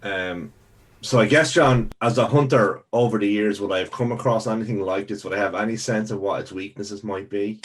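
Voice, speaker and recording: A man's voice: on the low side, brisk. A man playing a tabletop game, hesitant and thinking aloud as he asks questions. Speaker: player.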